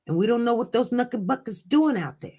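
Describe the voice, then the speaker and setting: A woman's voice: on the high side, lively intonation, a little fast, mellow. A woman hosting a casual livestream, talking straight to her viewers in an impassioned, repetitive way. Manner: impassioned, repetitive, talks directly to chat. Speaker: livestream news host.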